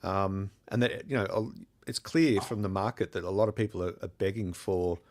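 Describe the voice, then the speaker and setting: A man's voice: low voice, moderate pace. A man co-hosting a live photography podcast, chatting casually and rambling with lots of fillers. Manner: rambling, filler-heavy, thinks aloud. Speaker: podcast co-host. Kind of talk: casual chat. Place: studio during a live podcast.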